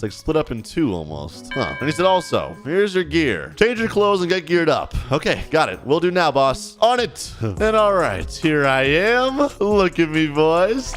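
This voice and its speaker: Young male gaming host with a lively voice, slightly high, light music bed. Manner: animated, hyped, reads out other players' chat. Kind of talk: casual gameplay commentary.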